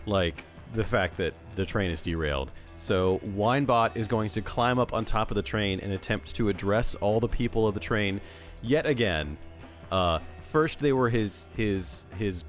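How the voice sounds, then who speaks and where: A man narrating his character's actions in a tabletop role-playing game with mock-grand, deadpan delivery. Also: lowish voice. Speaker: player.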